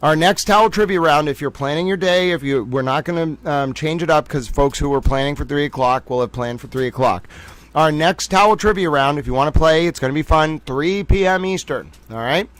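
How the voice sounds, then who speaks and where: A man hosting a casual live stream, joking loudly with his chat and drawing out playful asides. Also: on the high side, dry recording. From United States. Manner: jokey, loud, drawn-out playful asides. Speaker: livestream host. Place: home studio in Boston.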